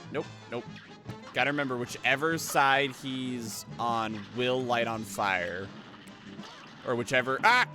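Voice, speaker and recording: A man streaming a video game live, thanking viewers and talking through his tactics, with frequent swearing and excited outbursts. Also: medium pitch, a little slow, over music. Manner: excitable, swears often, thinks aloud about tactics. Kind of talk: live gameplay commentary.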